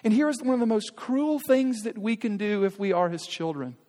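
A pastor in his thirties preaches in a fairly high voice, and his words hang in the long reverb of a big church sanctuary. He speaks to the congregation directly and earnestly, pressing them with question after question. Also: normal speed, a little mellow. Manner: earnest, urging, direct address with rhetorical questions. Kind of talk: sermon.

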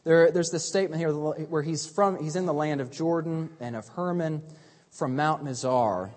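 A man preaching a sermon as pastor. He moves between urgent, raised lines and hushed, quiet ones. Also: a little high, moderate pace. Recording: long reverb of a large hall.

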